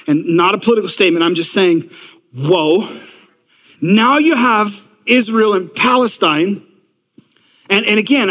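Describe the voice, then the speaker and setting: A male pastor in his thirties delivers a lively sermon, his voice set high for a man. He speaks with energy, stumbling over repeated words as he restarts his sentences. The sound carries a long reverb from a large church hall.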